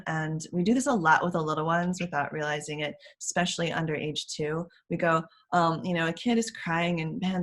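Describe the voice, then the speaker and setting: A woman parent coach explaining strategies in an interview, chatty and laughing often. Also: deep voice.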